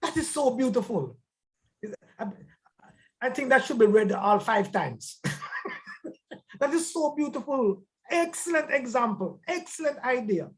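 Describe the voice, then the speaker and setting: A man's voice: very high voice, big pitch swings, unhurried, pauses often. A man teaching a church life-skills class in a conversational way, emphatic and often repeating words.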